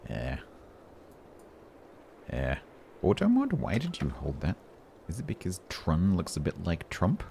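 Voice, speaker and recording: A man's voice: rumbling low, big pitch swings, takes it slowly, creaky, pauses often, dark tone, slight background noise. A man streaming a game, chatting casually with his chat and reading update notes aloud, breaking off to joke and answer questions.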